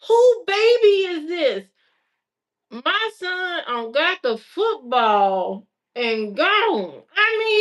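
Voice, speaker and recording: A woman with a somewhat high voice tells personal stories to her viewers. Her delivery is loose and chatty, full of everyday slang. She circles back and repeats phrases to hammer home the point. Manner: lively storyteller who repeats phrases for emphasis. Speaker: streamer telling stories to viewers. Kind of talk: casual anecdote telling.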